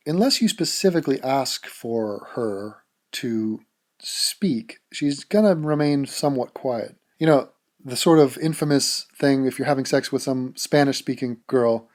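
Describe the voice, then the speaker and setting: A man hosting a casual vlog, answering viewer questions bluntly, with plenty of swearing and jokes. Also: medium pitch. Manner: blunt, profane and joking. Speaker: YouTube channel host answering viewer questions.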